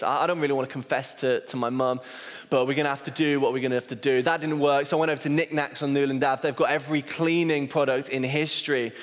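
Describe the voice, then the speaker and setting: A man, an associate pastor preaching a sermon. He is earnest and pokes fun at himself as he tells family stories. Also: fairly high pitch. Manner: earnest, self-deprecating storyteller. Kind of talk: sermon with personal storytelling. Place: church hall. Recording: long reverb of a large hall.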